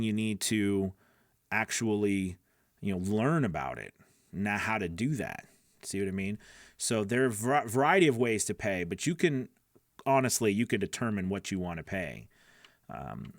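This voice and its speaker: A man's voice: lowish voice, no room sound, clean studio sound. A man hosting a live class for voice actors, talking casually and rambling with plenty of fillers, laughing often and answering viewers by name. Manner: rambling and conversational, many fillers and restarts. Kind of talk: casual live-stream teaching, reading chat questions.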